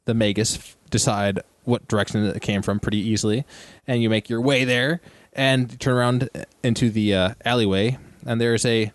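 A man narrating as game master of a tabletop game, talking haltingly with many pauses and restarts. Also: medium pitch, steady tone, dry recording.

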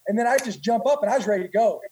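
A man's voice: high voice, rapid-fire, mellow, breathy edge, low-quality recording. A man, a former Marine and guest, telling stories casually in a rambling, profane way. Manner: rambling, profane, many restarts. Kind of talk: casual storytelling.

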